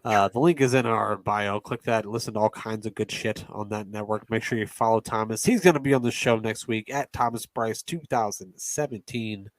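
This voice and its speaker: A man's voice: on the low side, moderate pace, few pauses, dry recording. A man in his thirties hosting a podcast, chatting casually and rambling with lots of fillers. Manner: relaxed, rambling with many fillers. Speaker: podcast host. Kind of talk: casual chat.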